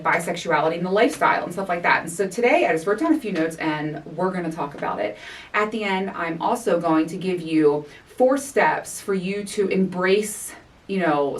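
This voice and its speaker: A woman in her forties chats candidly on her solo podcast, often laughing and swearing without a filter. Her voice sits a little low, and she sounds set back from the microphone in a home recording space. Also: distant mic. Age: 40s. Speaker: podcast host. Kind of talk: casual solo podcast chat.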